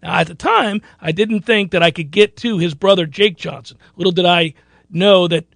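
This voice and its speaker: A man's voice: sits high, normal speed, gravelly, fairly bright tone, dry recording. A man hosting a sports talk radio show, boastful and joking, rambling between bets and news.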